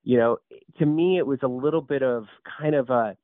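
A man in his thirties, a company founder telling his story as a podcast guest, animated and full of restarts and repeated words. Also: medium pitch, normal speed, no echo. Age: 30s. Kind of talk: casual storytelling interview. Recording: tinny phone-like line, dry.

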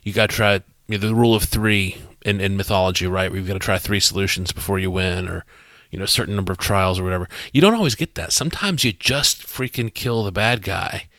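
A man with a bright, forceful voice and a fairly low pitch, talking as game master in a podcast chat. He tells the story in an animated way, restarts often and acts out the lines of the people in it. The sound is dry and close to the mic. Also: fast, no echo. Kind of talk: podcast discussion.

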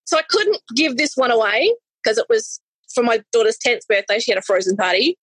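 A chatty woman, a balloon artist, telling a story casually with animated self-corrections. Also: on the high side, fairly quick, husky, no echo, low-quality recording.

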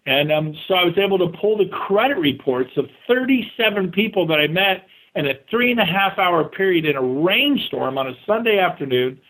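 Man, very high voice, interview guest, motivational, energetic bursts, acts out quotes. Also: moderate pace, rough recording. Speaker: real estate agent and guest. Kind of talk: casual interview talk.

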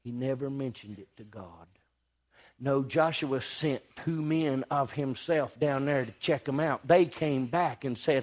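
A male preacher, telling a folksy sermon story that jumps from quiet to loud. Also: medium pitch, measured pace.

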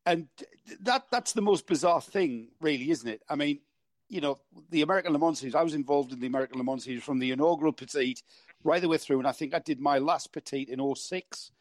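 Northeast English male commentator, quick and chatty, slightly high voice, dry close sound. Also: dry recording. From northeast England. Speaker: racing commentator. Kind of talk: casual panel chat.

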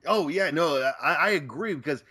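A man's voice: fairly high pitch, animated, normal speed, pushed and bright, slightly rough. A man co-hosting a casual movie podcast, rambling with many "I mean"s. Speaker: podcast co-host. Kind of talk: casual movie review chat.

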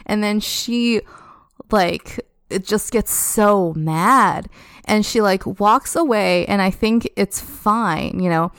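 Chatty young woman with smooth voice. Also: mid-range voice, slow pace, a bit bright, dry recording, clean studio sound. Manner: chatty, heavy use of "like". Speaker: podcast guest. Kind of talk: casual storytelling.

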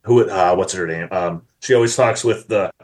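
A man's voice: deep voice, moderate pace, darkish tone. A man from Minnesota co-hosting a podcast, chatting casually and rambling with many restarts. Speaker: podcast co-host. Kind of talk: casual chat.

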